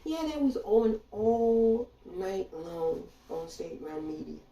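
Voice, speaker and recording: A woman's voice: mid-range voice, very animated, slow pace, dark tone, recorded from a distance, lo-fi sound. A woman delivering a blunt, profane political rant, speaking straight to her listeners with indignation. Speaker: political commentator. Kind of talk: ranting monologue. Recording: echoey room, voice off-mic.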